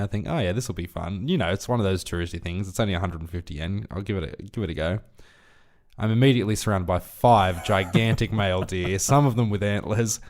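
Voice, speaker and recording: A man's voice: on the low side, darkish tone. A young Australian man co-hosting a podcast, telling stories in a laid-back, dry way. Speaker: podcast co-host. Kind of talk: casual chat.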